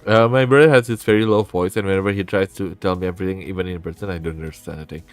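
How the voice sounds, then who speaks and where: A man's voice: sits low, steady tone, racing, clear, resonant tone, soft background music. A man with a sore throat, hosting a casual live stream, rambling and often interrupting himself. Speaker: VTuber streamer and host.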